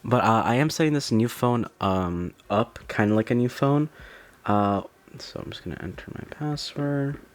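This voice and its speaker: A young man casually narrating a phone unboxing at home, excitable and rambling with many fillers and restarts. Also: mid-range voice, normal speed. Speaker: tech vlogger. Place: dim room at home.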